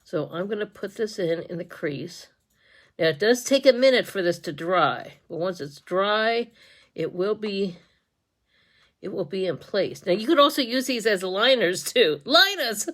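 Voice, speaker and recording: A woman vlogging a casual makeup tutorial on her phone. She talks in a chatty, giggly way, trails off and restarts often, and drops to soft mutters while she works. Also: mid-range voice, animated, measured pace. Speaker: beauty vlogger and makeup sales representative. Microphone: phone camera.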